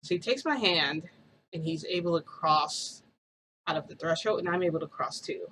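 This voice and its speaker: A woman's voice: lowish voice, normal speed, sharp tone, a little hiss or hum, rough recording. A young woman vlogger casually telling a story in a chatty, giggly way, full of quoted dialogue.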